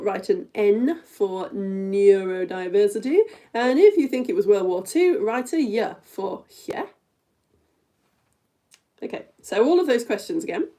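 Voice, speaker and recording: Speaking directly to her viewers, a middle-aged woman runs a playful quiz in an all-ages online lesson streamed live, often dissolving into giggles. She has a slightly high voice with a dark tone.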